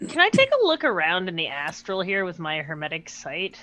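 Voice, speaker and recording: A woman's voice: fairly low pitch, huge pitch swings, a little fast, sharp tone, poor audio. A woman playing a tabletop role-playing game over a video call, chatty and playful. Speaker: player.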